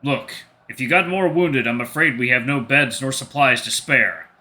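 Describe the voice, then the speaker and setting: A man voicing a middle-aged male bull, a seasoned fighter, speaking loudly in a put-on regional accent while reading a game aloud. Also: medium pitch, moderate pace, poor audio. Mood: weary.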